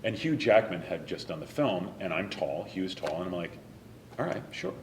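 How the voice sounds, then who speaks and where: A low-voiced man talks about his stage work with earnest, open feeling, sometimes dropping almost to a whisper. The room is echoey, with steady noise behind him. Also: moderate pace. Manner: earnest and emotional, some lines softly whispered. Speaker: interview guest, stage actor. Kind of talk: reflective interview talk.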